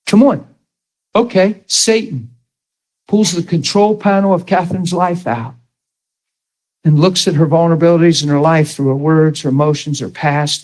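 A middle-aged man preaching with emphatic, storytelling energy. His voice sits a little higher than most men's. He calls on his listeners for an answer as he drives his point home. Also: a little mellow, rough recording. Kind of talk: sermon.

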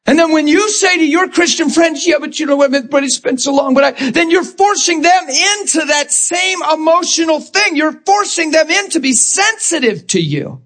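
A male pastor preaching with a strikingly high voice. He builds to fervent shouts, stumbles over repeated words and talks straight to his congregation. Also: moderate pace, few pauses. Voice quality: high-pitched, animated, stammering repeats. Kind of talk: sermon.

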